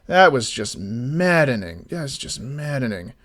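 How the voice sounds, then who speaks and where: A man in casual livestream chat who swears freely and rants through his stories. His voice sits at an ordinary middle pitch, and he shifts easily into explaining things. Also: measured pace. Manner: swears freely, animated ranting storyteller; slides into explanatory commentary. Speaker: indie game developer streaming.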